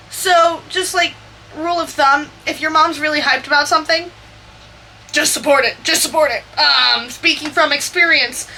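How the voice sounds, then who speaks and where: A woman's voice: sits high, pushed and bright, a little hiss or hum. A young woman telling a chatty, profane story over a video game build. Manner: chatty, profane, quick asides. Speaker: Sims builder and vlogger.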